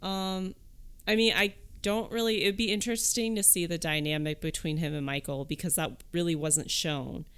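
Low, smooth-voiced woman discussing films. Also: steady tone, moderate pace, fairly bright tone. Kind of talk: casual film discussion.

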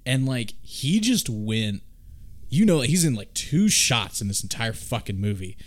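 A man hosting a casual film discussion, talking in an animated, rambling way and swearing freely. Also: medium pitch, a little slow.

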